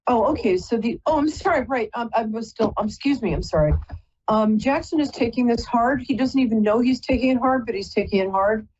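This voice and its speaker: A husky, fairly high-voiced woman talks a caller through a psychic reading on a live call-in show. She rambles and keeps breaking off to apologize. The sound is dull and lo-fi. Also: fairly quick, a little mellow. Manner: chatty, rambling, often apologizing. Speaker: psychic reader and host.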